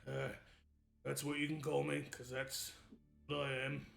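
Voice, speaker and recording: A man's voice: mid-range voice, completely flat delivery, a little slow, creaky, fairly bright tone, roomy sound. A man voicing a large, hardened orc first mate who talks bluntly and simply. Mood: gruff.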